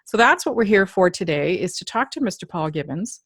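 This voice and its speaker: A woman's voice: on the low side, very animated, fairly quick, fairly bright tone, breathy edge, no room sound, clean studio sound. A woman hosting an interview, upbeat and teasing in a casual chatty way. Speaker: event host.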